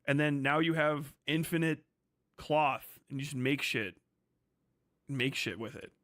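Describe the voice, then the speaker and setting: Man, streamer, higher voice, sarcastic, rambling, crude, dry close sound. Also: unhurried, a bit bright, dry recording. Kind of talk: casual stream commentary.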